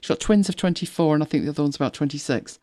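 A woman's voice: deep voice, very fast, dark tone, no room sound, studio quality. A middle-aged woman hosting a casual live stream, chatting at length and laughing often as she talks. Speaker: livestream host.

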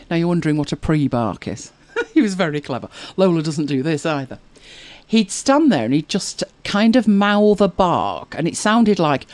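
A woman's voice: fairly low pitch, a little mellow, dry recording. A woman hosting a casual chat show, telling anecdotes and reading viewer comments with frequent laughs. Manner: chatty, anecdotal, laughs often. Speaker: podcast host.

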